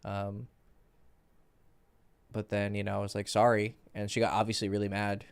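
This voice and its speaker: A man's voice: fairly low pitch, completely flat delivery, normal speed, gravelly, clean tone. A man in his thirties, a dating coach, telling stories in a casual, rambling livestream Q&A with many fillers and restarts.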